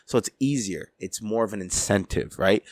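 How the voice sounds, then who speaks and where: An American man co-hosting a podcast in casual chat, talking emphatically and excitably and swearing freely. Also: lowish voice, normal speed, dry recording, studio quality. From United States. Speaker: podcast co-host.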